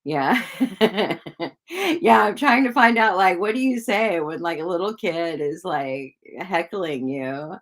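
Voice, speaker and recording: A woman's voice: on the low side, animated, slow. A woman chatting casually with viewers on a livestream, rambling with lots of fillers and little giggles. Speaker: psychic livestreamer.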